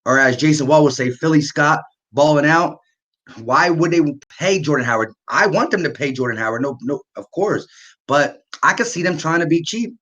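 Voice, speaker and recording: A man co-hosting a casual fan sports stream, talking in a relaxed way and reading out viewer comments. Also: on the high side, normal speed. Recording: dull lo-fi stream audio.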